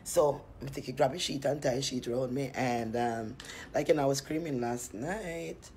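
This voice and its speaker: A cream seller speaks on a phone live stream from home, having just gotten out of bed. Her rumbling low voice moves at a moderate pace with a bit of hiss or hum, and she laughs often while telling rambling, animated stories in a chatty, casual way.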